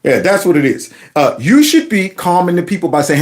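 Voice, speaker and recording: This is a man running his own commentary vlog. He talks in a folksy, mocking way, and his pitch swoops widely while sitting somewhat high for a man. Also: wildly swooping pitch, brisk, few pauses. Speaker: commentary channel host.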